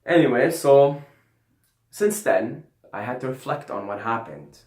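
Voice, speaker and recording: A man with a medium-pitched, darkish voice and lively intonation tells a personal story on his own channel at a measured pace. He rants casually and profanely, repeating himself along the way. The recording has a roomy echo.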